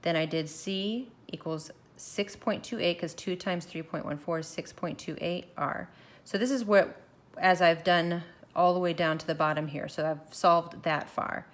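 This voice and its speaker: A woman teaching a recorded math lesson, walking through each step slowly and thinking aloud as she films her worksheet. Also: on the low side. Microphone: phone camera filming her worksheet.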